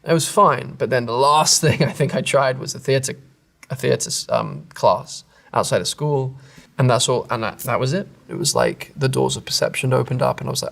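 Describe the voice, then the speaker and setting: A man's voice: medium pitch, moderate pace, vocal fry, a bit bright. An English man in his thirties reads out internet comments and answers them in a rambling, self-interrupting way, laughing at himself now and then. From England. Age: 30s. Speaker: actor answering internet questions. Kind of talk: casual reading and answering web comments.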